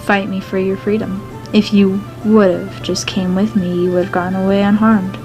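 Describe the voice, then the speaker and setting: A woman's voice: mid-range voice, little pitch movement, unhurried, over music, lightly acted, rough recording. A woman voicing a cocky, playful masked young man who speaks in a teasing, matter-of-fact way.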